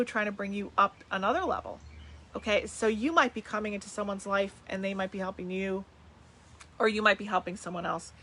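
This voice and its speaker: A bright, energetic middle-aged woman talks to her viewers over a webcam. She is from New Jersey and hosts a live stream as a medium, greeting people by name and chatting loosely. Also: medium pitch. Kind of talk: casual live-stream chat. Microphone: webcam on a video call.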